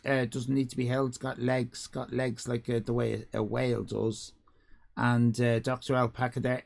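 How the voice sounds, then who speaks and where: A man's voice: mid-range voice, gravelly. A man hosting a live stream, rambling in casual commentary with mock-serious absurd humor. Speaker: livestream host.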